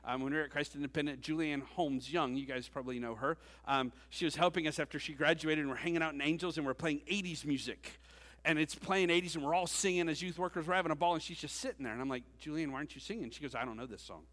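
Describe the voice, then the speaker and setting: Fast and fairly bright, with a fairly high pitch, this youth pastor in his forties talks through his sermon conversationally. He jokes with the congregation in a church sanctuary, his words trailing in the hall's long reverb.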